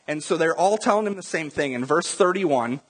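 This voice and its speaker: A man's voice: on the high side, lively intonation, normal speed, husky, long reverb tail. A man preaching a sermon as pastor, talking conversationally and acting out Bible scenes in different voices.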